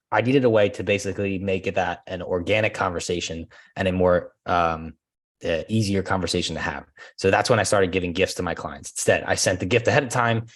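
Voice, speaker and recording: Casual male guest, fast talker with a low voice, laughs a lot and acts out other people's lines. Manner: laughing, animated storyteller acting out conversations. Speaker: podcast guest, real estate agent. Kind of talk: casual interview chat.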